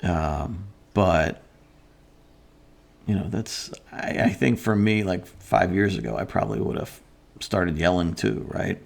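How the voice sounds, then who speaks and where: A man's voice: sits low, takes it slowly, creaky. A middle-aged man hosting a casual morning chat, telling a rambling story with lots of fillers and restarts. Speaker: host.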